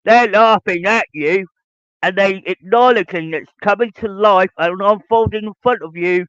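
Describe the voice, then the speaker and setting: A man's voice: high voice, normal speed, a bit bright, smooth, dry recording. A man hosting a podcast monologue, lecturing his listeners in a ranting, repetitive way. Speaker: podcast host. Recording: dull lo-fi dry sound.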